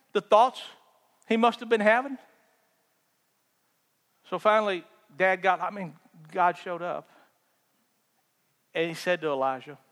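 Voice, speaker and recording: A high-pitched male preacher delivering a lively sermon, building to loud emphatic bursts and dropping to quiet asides. His voice rings with the long reverb of a large hall. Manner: animated storytelling, acts out voices, swings from loud to hushed. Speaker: pastor.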